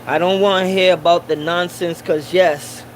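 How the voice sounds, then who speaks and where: A man's voice: sits high, fairly even intonation, normal speed, slight background noise, poor audio. A man in a casual monologue who preaches and repeats his points for emphasis, using Rasta slang and Caribbean English grammar.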